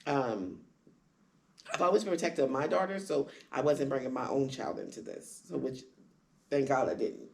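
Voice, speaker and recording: A woman candidly telling her own story in conversation, acting out quoted lines with sudden jumps in pitch. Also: lively intonation, normal speed, gravelly, a little mellow. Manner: acts out quoted dialogue with big pitch jumps. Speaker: guest sharing her story.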